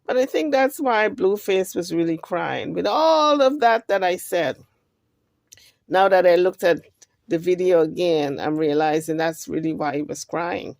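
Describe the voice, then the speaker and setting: A woman host comments on a video clip in a relaxed, conversational way, thinking out loud as she goes. Her voice sits on the low side and sounds dry and close. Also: unhurried, gravelly, no echo. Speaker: channel host.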